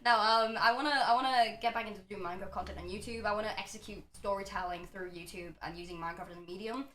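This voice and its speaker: A woman's voice: mid-range voice, fast talker, fairly bright tone, reverberant. A woman guest on a casual podcast, chatting with a lot of energy, swearing and laughing often.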